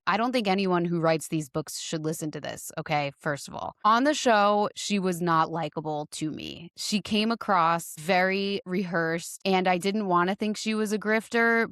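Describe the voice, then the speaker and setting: Woman podcaster chatting away, kinda low voice, dry close mic. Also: no room sound. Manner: candid, chatty, animated. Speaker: podcast co-host. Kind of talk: casual chat.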